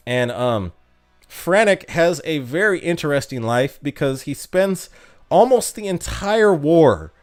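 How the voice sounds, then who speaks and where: Streaming live, a man with a slightly high voice chats casually with his viewers, reads their comments aloud, laughs a lot, and stumbles over his words.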